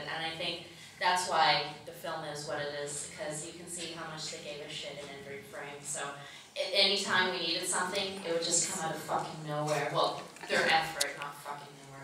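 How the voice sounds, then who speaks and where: A woman director answering audience questions at a film Q&A, telling stories in a lively, profane way. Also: low voice, normal speed, background noise. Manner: profane, animated storytelling. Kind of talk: Q&A panel answers. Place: large cinema theater. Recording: echoey theater from far off.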